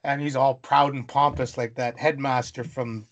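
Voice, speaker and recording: A man from British Columbia, Canada, telling a story as an interview guest, animated and acting out voices. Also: medium pitch, normal speed, highs cut off. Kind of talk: storytelling in conversation.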